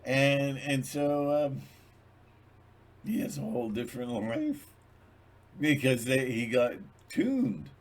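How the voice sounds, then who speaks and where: A man's voice: medium pitch, expressive, slow pace, pauses often. A man hosting his own channel, talking in a rambling, digressive monologue with many restarts. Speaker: channel host.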